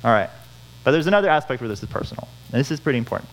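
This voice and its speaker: A man's voice: medium pitch, big pitch swings, very fast, rough recording. A man preaching a sermon, earnest, repeating key phrases for emphasis. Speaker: pastor.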